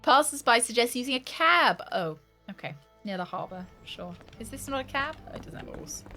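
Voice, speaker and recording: A chatty Scottish woman gives casual, joking commentary while playing a game, and she swears now and then. Her voice sits a little high and moves around a lot. Music plays faintly behind her. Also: lively intonation, fairly quick. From Scotland. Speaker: streamer.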